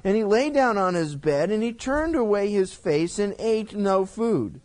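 A man's voice: high-pitched, expressive, unhurried, a little mellow. A male pastor works through scripture verse by verse, stopping to explain in plain everyday words. His delivery is conversational, with casual asides and restarts. He sounds like he is teaching a congregation.

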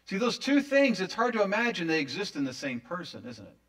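A man preaching a sermon, with dramatic swings in loudness. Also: a little high, sing-song, brisk, hardly any pauses, far from the mic. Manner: dramatic, acting out quoted voices with big swings in loudness. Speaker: pastor.

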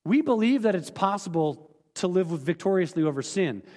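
Brief: male pastor, high animated delivery, earnest and blunt, echoey sanctuary. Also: a little fast. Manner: earnest, candid, emphatic, with sudden drops to quiet. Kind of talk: sermon. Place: church sanctuary.

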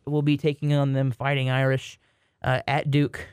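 A young man co-hosting a casual sports podcast, joking and rambling with quick restarts. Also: mid-range voice, completely flat delivery, a little mellow, smooth, dry recording, studio quality. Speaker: podcast co-host.

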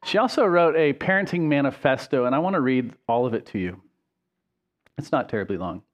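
Preaching in a chatty, informal style, a middle-aged pastor peppers his conversational sermon with ums and rapid self-corrections. He speaks at a medium pitch and sounds animated.

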